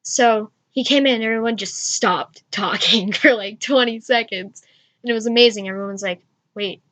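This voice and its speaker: A woman's voice: on the high side, moderate pace, fairly bright tone. A young woman vlogger telling a story to camera in a gushing, rambling way, full of "like". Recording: dull lo-fi home recording.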